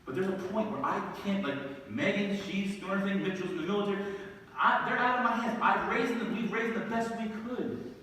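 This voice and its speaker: A middle-aged male pastor preaching an earnest sermon, his somewhat high voice dropping low and then rising into emphatic bursts. He is heard from a distance in a big echoing hall with a long reverb tail and faint room noise. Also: fairly quick. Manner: earnest, swells from quiet to emphatic. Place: church sanctuary. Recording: echoey hall, distant mic.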